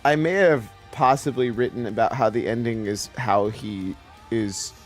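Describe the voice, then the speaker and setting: A man co-hosting a casual gaming chat, profane and prone to loud yelling outbursts. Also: medium pitch, normal speed, soft background music. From Washington state. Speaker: co-host.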